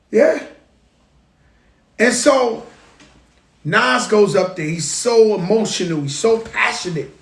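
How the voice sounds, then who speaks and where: A man from the Bronx with a New York accent, talking in an emphatic, animated way as he tells stories on a casual live stream. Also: sits high, slow, long pauses, reverberant. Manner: emphatic, animated storytelling with call-outs to viewers. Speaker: rapper speaking on a live stream. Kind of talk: casual motivational monologue.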